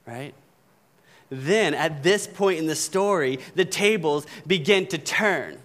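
A man's voice: fairly high pitch, fairly bright tone. A man preaching a sermon in a conversational way, often checking in with the congregation. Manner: conversational preaching, frequent "right?" asides. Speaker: pastor.

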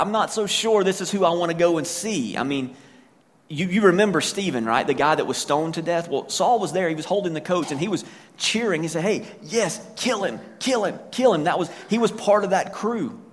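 Man acting out a jittery doubting disciple, stammering, anxious, voice pitched up, echoing hall. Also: normal speed, natural voice. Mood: worried protest. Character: nervous male disciple, wary and doubtful.

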